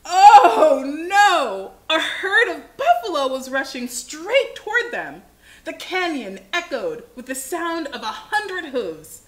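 A woman hosting a children's livestream, reading a picture book aloud with animated expression. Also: sits high, measured pace. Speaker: children's show host. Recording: echoey room.

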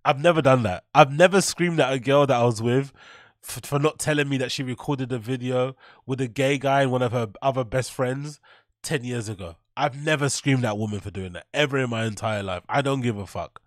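A man's voice: medium pitch, a little fast, no room sound, studio quality. A man hosting a reaction show, mocking and bluntly scolding what he watches. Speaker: host. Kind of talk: reaction commentary.

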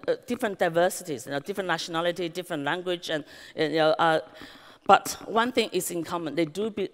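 A woman with a Chinese accent, a real estate business founder telling her story at a conference with lively anecdotes, acted quotes and many "you know" fillers. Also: lowish voice. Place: large conference hall. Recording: long reverb of a large hall.

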